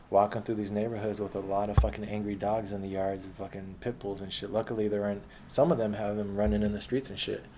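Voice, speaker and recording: A man's voice: fairly low pitch, warm tone, slight background noise. A young man casually telling a story from his life, rambling along and swearing freely.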